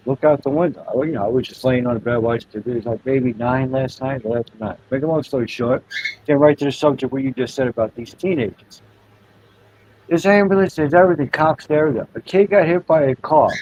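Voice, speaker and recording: A man's voice: medium pitch, darkish tone. A middle-aged man with a dad's viewpoint, agreeing readily and telling stories in casual chat. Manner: agreeable, backs up the other speaker, tells anecdotes. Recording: dry, dull lo-fi sound.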